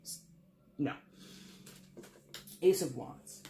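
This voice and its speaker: Tarot reader, casual reading monologue, blunt, emphatic, swears casually, laughs a lot, voice jumps up high for emphasis. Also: very slow. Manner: animated, leaps in pitch for emphasis.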